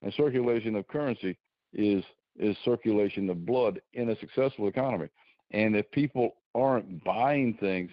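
A man, a podcast guest, arguing his point in halting speech that repeats words, on dull lo-fi audio. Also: lowish voice, no echo. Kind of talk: casual political discussion.

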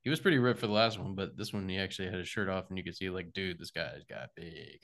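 A young man with a low voice rambles through a casual movie review, full of fillers and asides. He gets animated whenever a joke lands. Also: quick pace. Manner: rambling, animated when joking, many fillers. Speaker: podcast co-host.

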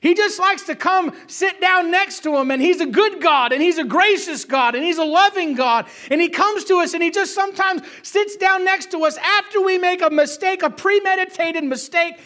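A male preacher giving an emphatic sermon that swings between loud calls and hushed asides, often asking for an amen. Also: very high-pitched, normal speed, few pauses.

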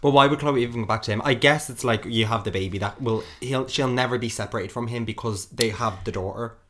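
A young man co-hosting a podcast, playful and quick to react with mock disgust. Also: mid-range voice, a bit bright. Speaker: podcast co-host. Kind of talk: casual chat.

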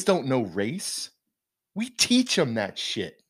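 A man holds forth on a casual podcast, emphatic and ranting, often restarting his sentences. His pitch rises and falls widely. The sound is dry and close. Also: huge pitch swings, slow, no room sound. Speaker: podcast co-host. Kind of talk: casual opinion chat.

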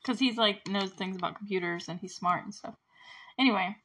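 A woman's voice: mid-range voice, fairly quick, fairly bright tone. Chatty, giggly young woman recapping a film. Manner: chatty, giggly, many "like" fillers. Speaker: movie review host. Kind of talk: casual movie recap.

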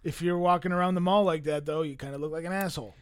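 A young man co-hosts a sports podcast, tossing out wry, joking takes. His voice sits a little high. The recording is dry and close. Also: fairly even intonation, quick pace, clear, resonant tone, no room sound. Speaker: podcast co-host. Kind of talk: casual sports chat.

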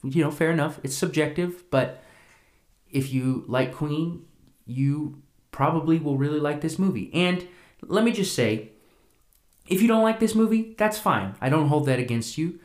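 A man's voice: a little high, moderate pace, roomy sound. A young man co-hosting a podcast, chatting casually with lots of fillers and a self-deprecating ramble. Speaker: podcast co-host.

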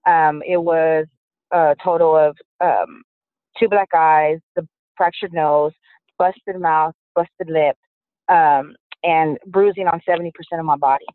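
A woman's voice: deep voice, a little slow, no echo. Woman recounting her story over a phone line. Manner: steady, frank storytelling with many fillers. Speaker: guest. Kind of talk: personal testimony interview. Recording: dry, tinny phone-line sound.

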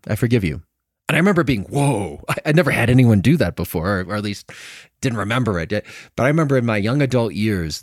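A middle-aged man co-hosting a podcast conversation, animated and prone to restarting sentences. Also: medium pitch, no room sound, clean studio sound. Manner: animated, restarts and repeats words. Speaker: podcast co-host. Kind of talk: casual conversation.

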